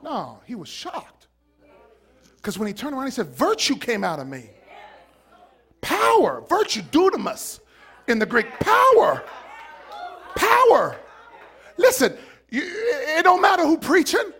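Animated preacher, gravelly voice, shouting. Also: male voice, very high-pitched, measured pace, pauses often, some chatter behind. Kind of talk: sermon.

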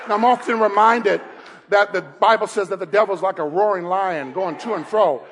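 A man preaching a sermon as pastor, laughing between lines and building to shouted, repeated calls to the congregation. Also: high-pitched, moderate pace, some chatter behind, a little hiss or hum. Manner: repeats phrases, laughs while speaking.

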